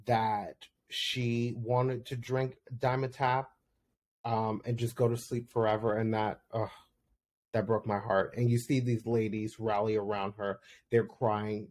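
Chatty man hosting a TV recap show. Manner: chatty and expressive, laughs often, pitch jumps up when excited. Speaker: podcast host recapping reality TV. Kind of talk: casual recap commentary.

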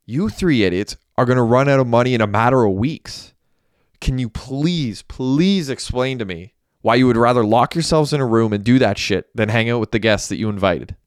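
A man's voice: fairly low pitch, animated, unhurried, darkish tone, no room sound, studio quality. A man reading a novel aloud, voicing an exasperated young man who rants and scolds his friends. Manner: ranting, exasperated.

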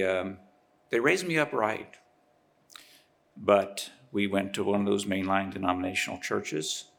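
A middle-aged man giving a personal testimony in church, speaking in a plain, measured way. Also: on the low side, gravelly, fairly bright tone.

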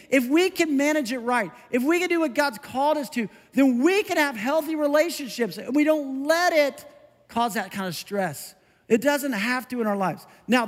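A middle-aged male pastor preaching a conversational, animated sermon. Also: extremely high pitch, in a large hall. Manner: conversational, animated, self-interrupting with laughs.

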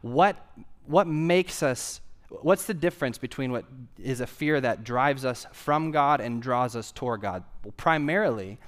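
A man delivering a sermon in an easy, conversational manner, with a voice of ordinary middle pitch. He keeps turning to the listeners with questions and repeats his main points for emphasis. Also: normal speed, hardly any pauses, fairly bright tone. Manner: conversational, asks the audience rhetorical questions; repeats key phrases for emphasis. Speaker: preacher.

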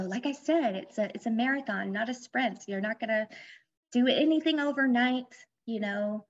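A woman life coach in a casual podcast interview, speaking candidly and explaining with personal examples. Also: fairly high pitch. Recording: dull lo-fi audio.

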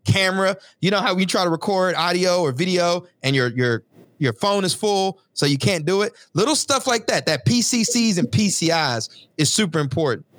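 A man hosting a podcast, talking business in an animated, slangy way, often saying "yo" and "et cetera". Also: high-pitched, moderate pace, no echo. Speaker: podcast host and business coach. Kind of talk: energetic casual interview.

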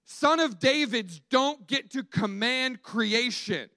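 A man preaching a sermon in an animated storytelling way, acting out the quotes he tells. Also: very high-pitched, slow pace, dry recording.

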